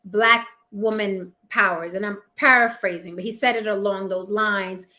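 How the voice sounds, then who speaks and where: A woman's voice: mid-range voice, fairly even intonation, normal speed, bright, forceful tone. A woman with a New York accent hosting a casual livestream chat, blunt, sassy and full of profanity. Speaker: host.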